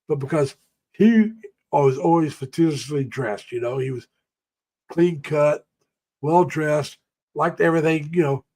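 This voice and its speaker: A man's voice: a little high, a little mellow. An older man hosting a casual live stream, telling rambling, folksy stories about the past and greeting viewers by name. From United States.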